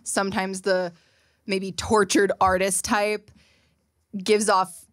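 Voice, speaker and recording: A woman talking at an ordinary middle pitch in casual podcast chat, laying out her views in a measured, reflective way. The sound is dry and close to the mic. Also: flat delivery, a bit bright, no echo. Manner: thoughtful, measured explaining.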